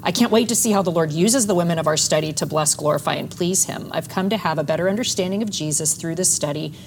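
A woman's voice: on the low side, fast talker, gravelly. A woman co-hosting a Bible study chat, enthusiastic, reading shares aloud. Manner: enthusiastic, lots of affirming responses. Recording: faint background noise.

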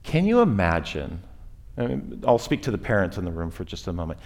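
A man preaching a sermon to his church in a conversational way, rising and falling in pitch and loudness as he makes his points. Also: very animated, a little fast. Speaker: pastor. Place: church sanctuary.

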